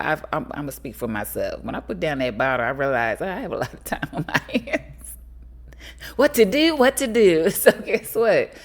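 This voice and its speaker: A middle-aged woman from the United States hosting a podcast, giving casual advice straight to her listeners, lively and quick to laugh. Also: very deep voice. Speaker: podcast host.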